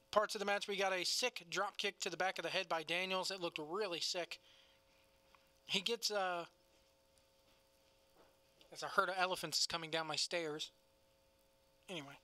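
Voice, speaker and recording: A man's voice: sits high, fairly even intonation, measured pace, long pauses, bright, forceful tone, no room sound. A man co-hosting a casual wrestling review podcast, laughing often and talking in a loose, cussing way. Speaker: podcast co-host.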